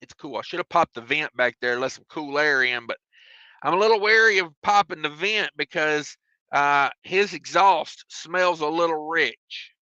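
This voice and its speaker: A man's voice: on the high side, moderate pace, pushed and bright, no echo, dull audio. A man, a trucker chatting on his live stream from his truck cab and reading out viewer comments with jokes. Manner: drawling, joking, self-mocking.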